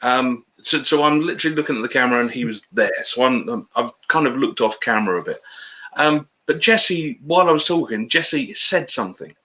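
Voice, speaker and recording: Bright-voiced chatty man. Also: mid-range voice, expressive, brisk, low-quality recording. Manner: chatty storyteller, matey banter. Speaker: guest. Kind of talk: casual interview chat.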